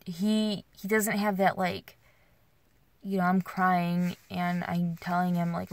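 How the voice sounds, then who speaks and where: A woman's voice: fairly low pitch, level tone, takes it slowly, no echo. A young woman vlogging while driving, rambling through emotional restarts and filler words, sounding worn and alone. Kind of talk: casual venting while driving. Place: in a car.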